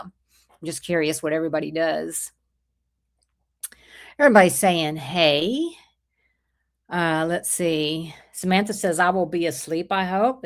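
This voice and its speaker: A middle-aged woman with a soft drawl hosts a relaxed livestream, chatting loosely and greeting viewers one by one. Her voice carries a sore throat that she talks through. She rambles in a friendly way, with many small restarts. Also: on the low side. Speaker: livestream host. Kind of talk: casual chat reading viewer comments.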